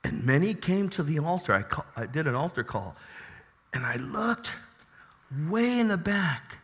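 A man preaching a sermon as a pastor, telling a personal story with passion and loud emphatic bursts. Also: on the high side, sing-song, a little slow, breathy edge.

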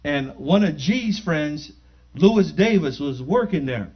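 A man giving a spoken testimony in church, animated and acting out the dialogue as he tells it. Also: a little high, measured pace. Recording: dull lo-fi recording.

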